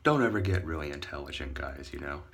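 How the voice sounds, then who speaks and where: A man's voice: very deep voice, animated, fast talker, a bit bright. A man ranting to his viewers in a casual vlog, rambling, sarcastic and swearing, talking straight to his audience. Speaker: vlogger.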